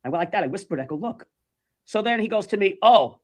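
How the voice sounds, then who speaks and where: Fast-talking man telling a story. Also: high-pitched. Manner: animated, acts out quoted voices. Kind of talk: casual storytelling.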